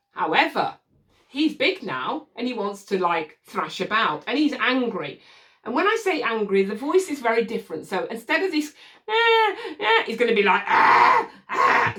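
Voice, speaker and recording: A baby sleep consultant with a mid-range voice calmly and patiently shows parents how to soothe a baby, demonstrating gentle shushing. The instructional demo takes place in a room where a changing mat is set up as a crib, and her voice is picked up from some distance away.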